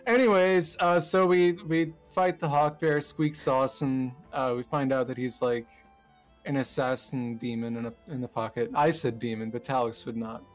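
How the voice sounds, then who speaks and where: A man's voice: medium pitch, fairly even intonation, moderate pace, faint music behind. A man casually recapping a tabletop game session for his group, rambling and self-deprecating, laughing through his lines. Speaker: player giving the session recap.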